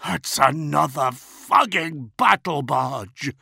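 A man voicing a desperate male warship officer who yells and curses under fire. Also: a little high, animated, slow pace, creaky, slightly rough, dry recording, clean studio sound, voice pushed up, heavily acted. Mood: dismayed. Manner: yelling, cursing.

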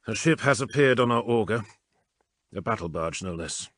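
A man voicing a grim, angry male warrior captain who speaks in a gruff, forceful growl. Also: on the low side, expressive, normal speed, no echo, studio quality.

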